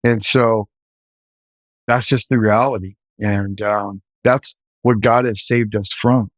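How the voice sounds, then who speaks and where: A man, a former police officer, telling a story in an earnest, animated way. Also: fairly low pitch, slow, no echo. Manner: earnest, animated, shouts in quoted lines. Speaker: former navy chief and police officer, guest. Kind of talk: casual storytelling.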